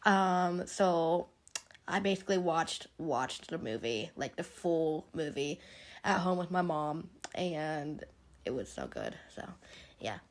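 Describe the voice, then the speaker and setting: A woman's voice: low-pitched, lively intonation, takes it slowly, a little hiss or hum. A young woman, chatting casually while showing off her Christmas gifts, her voice a little worn from being sick. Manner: chatty, rambling, giggly. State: partly lost voice from being sick. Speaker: vlogger. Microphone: handheld phone, no tripod.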